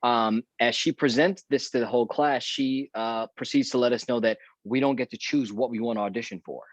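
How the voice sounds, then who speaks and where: A man's voice: medium pitch, fairly even intonation, a little fast, no echo. A man who is a guest actor, telling a story in a casual podcast chat and acting out the dialogue he remembers. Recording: dull, dry lo-fi audio.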